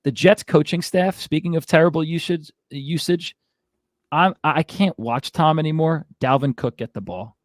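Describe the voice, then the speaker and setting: A man's voice: fairly high pitch, normal speed, no echo, studio quality. A man hosting a fantasy football show, ranting in an exasperated, casual way. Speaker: fantasy football podcast host. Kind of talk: casual sports commentary.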